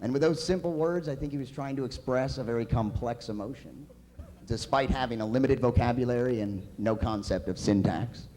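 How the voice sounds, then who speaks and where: A man's voice: medium pitch, fairly quick, warm tone, slight background noise. A male comedian performing a stand-up set live on a community center stage, with a dry, wry delivery.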